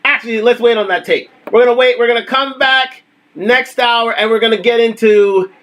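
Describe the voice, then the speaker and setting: A man hosting a casual live talk stream, animated and repetitive, laughing often. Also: very high-pitched, moderate pace, dull audio.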